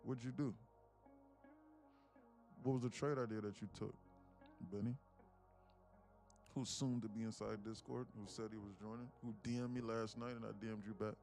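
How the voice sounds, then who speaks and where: A man's voice: fairly low pitch, fairly even intonation, moderate pace, vocal fry, long pauses, darkish tone, faint music behind. A man live-streaming his day trading, bantering loosely with chat in slangy, joking talk and cursing freely.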